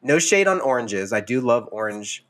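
A man's voice: medium pitch, sing-song, moderate pace, a bit bright. A man co-hosting a casual podcast, rambling and playful, often laughing as he talks. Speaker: podcast co-host.

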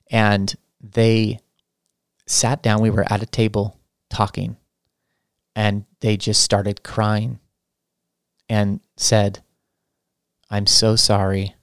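A man hosting a spiritual podcast, talking in a soft, reflective way with many restarts. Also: lowish voice, dry recording, studio quality. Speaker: podcast host. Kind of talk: spiritual teaching talk.

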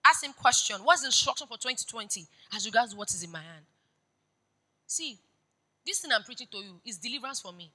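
A woman pastor preaching a sermon. She moves between hushed storytelling and loud, urgent exhortation. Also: on the high side, rough recording.

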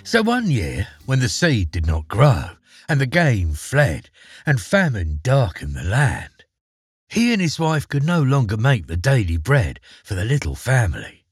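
A man narrating a fairy tale aloud in an expressive, theatrical storytelling manner. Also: medium pitch, measured pace, husky, dry recording, studio quality.

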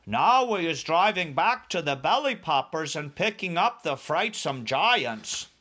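A kindly old giant speaks slowly and earnestly, bending his grammar out of shape. The voice is bright and lifts and dips a lot, the giant of a read-aloud storybook, played by a man. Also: on the high side, very animated, exaggerated voice. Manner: slow, mangled grammar.

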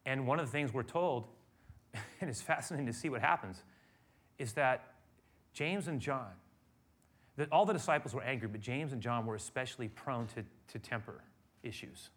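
A man preaching a sermon, moving between quiet storytelling and loud, emphatic passages. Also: mid-range voice, normal speed, pauses often, husky. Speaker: pastor.

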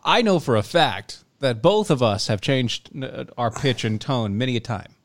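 Brief: easygoing male co-host, hesitant, swooping expressive voice. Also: mid-range voice, normal speed, dry recording. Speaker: podcast co-host. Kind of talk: casual podcast chat.

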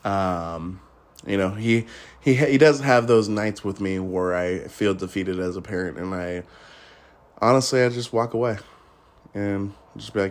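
A man's voice: on the low side, measured pace. A man in his thirties hosting a podcast, rambling casually in a blunt, crude way and laughing often. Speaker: podcast host.

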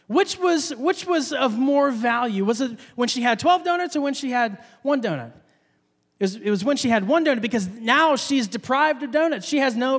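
A man's voice: extremely high pitch, a bit bright, in a large hall. A man giving a casual, conversational sermon, often repeating words and acting out the people in his story. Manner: conversational, repeats words, acts out quoted voices. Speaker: preacher.

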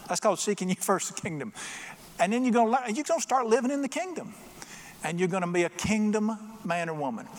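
Preaching from a church sanctuary, a middle-aged pastor talks fast in a voice that sits high and is very animated. He leans on folksy storytelling and puts on little voices for his jokes, all under a long church reverb.

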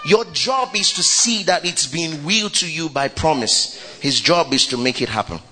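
High, bright-voiced preacher. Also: male voice, animated, moderate pace, soft background music. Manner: exuberant preaching, shouting and laughing, call and response. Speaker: pastor. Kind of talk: sermon.

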